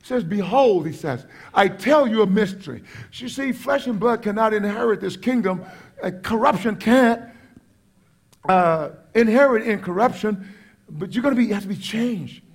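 A man with a high voice preaches a sermon, full of fervor. He drops into quiet, low asides, then climbs to loud, ringing exclamations. He sounds middle-aged. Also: animated, moderate pace. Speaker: pastor.

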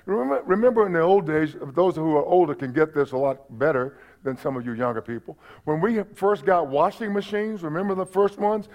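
High, gravelly preacher man. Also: a little fast, few pauses. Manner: preaching with repetition and audience asides; folksy, humorous. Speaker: pastor. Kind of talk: sermon. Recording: dull lo-fi church recording.

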